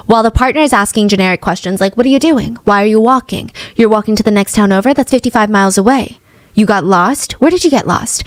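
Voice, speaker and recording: A woman's voice: medium pitch, no room sound, rough recording. A woman hosting a true crime podcast, retelling a case in a casual, conversational way with wry asides. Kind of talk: casual storytelling narration.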